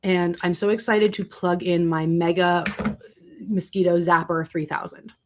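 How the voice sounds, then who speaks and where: Woman, young adult, low-pitched, chatty livestream host, animated storyteller. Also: measured pace, a little hiss or hum. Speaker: livestream host answering questions. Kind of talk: casual livestream chat.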